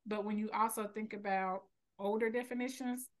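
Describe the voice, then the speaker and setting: Woman, 30s, Southern US accent, coach, earnest, laughs easily, medium pitch. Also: fairly even intonation, moderate pace. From North Carolina. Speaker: teen and parent coach, podcast guest. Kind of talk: interview answers.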